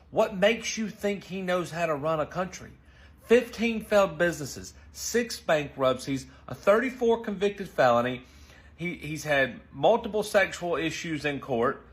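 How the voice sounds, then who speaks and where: A man in an indignant, exasperated rant to camera. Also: fairly high pitch.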